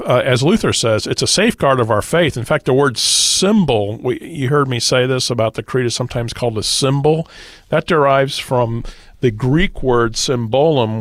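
A man's voice: mid-range voice, no echo, clean studio sound. A man, a pastor guest on a radio talk show, explaining doctrine in a teacherly way and quoting scripture. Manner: teacherly, quotes scripture, occasional fillers.

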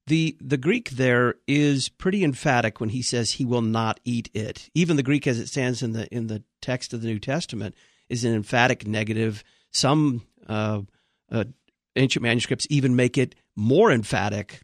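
Male radio host, clear announcer reading. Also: medium pitch, dry recording, studio quality. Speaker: radio talk show host. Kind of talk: radio talk show hosting.

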